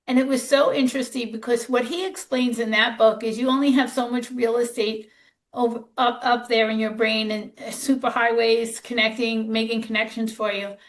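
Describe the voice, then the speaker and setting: A woman podcast host with a fairly high voice, chatting in a candid, conversational way. She shares her own experiences openly and pokes a little fun at herself. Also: steady tone, normal speed. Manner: chatty, candid, self-deprecating. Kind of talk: podcast interview.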